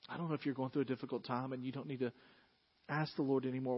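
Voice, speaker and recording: A man's voice: medium pitch, flat delivery, rapid-fire, breathy edge. A man preaching a sermon as pastor in a church, speaking earnestly and directly to his congregation. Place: church sanctuary. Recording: slightly dull lo-fi sermon recording.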